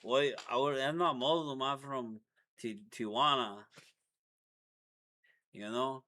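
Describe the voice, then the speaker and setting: A man voicing a boastful Mexican ex-con from Tijuana with a put-on Mexican accent and rough street slang. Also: medium pitch, fairly even intonation, takes it slowly, bright, forceful tone. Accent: put-on Mexican Spanish.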